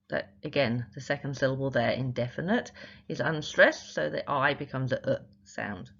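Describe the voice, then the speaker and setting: A woman's voice: low-pitched, husky, dull audio. A woman teaching spelling in an instructional video, explaining patiently step by step with many examples and frequent "um" fillers. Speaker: literacy teacher trainer.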